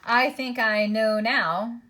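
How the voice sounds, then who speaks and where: A woman voicing a shrewd old male scholar with a dry, measured politeness. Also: a little high, fairly even intonation, pushed and bright, voice pushed up.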